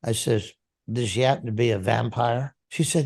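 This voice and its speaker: A man's voice: medium pitch, moderate pace, gravelly, darkish tone. A man, a pastor, telling a personal story in an interview and acting out the dialogue vividly.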